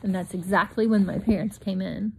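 A woman reading a children's chapter book aloud in an expressive storytime manner, pausing for chatty asides to young listeners. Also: vocal fry, a little hiss or hum. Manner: expressive, with bright leaps in pitch on exciting words.

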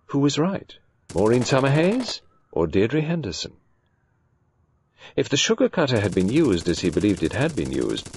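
Man, audiobook narrator, low voice, lively intonation, measured expressive reading, faint background noise. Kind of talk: scripted narration.

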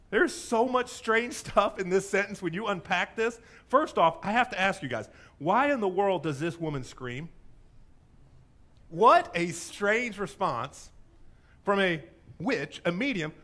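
A man's voice: sits high, fairly bright tone. A man preaching a sermon as pastor, telling a story with playful voices and asides.

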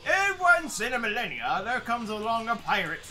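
A man playing a fighting game with a friend, yelling, swearing and joking in goofy trash talk. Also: very high-pitched, sing-song, normal speed, noisy background. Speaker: gaming channel host. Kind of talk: loud casual gameplay banter.

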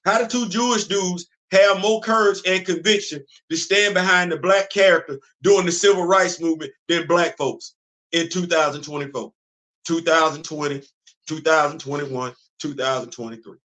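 A man in his fifties talks casually on his own livestream. His voice sits a little high and has a bright, forceful ring. He preaches his points, repeating lines for emphasis and laughing between them. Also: steady tone, normal speed. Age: 50s. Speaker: livestream host. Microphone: computer mic on a streaming setup.

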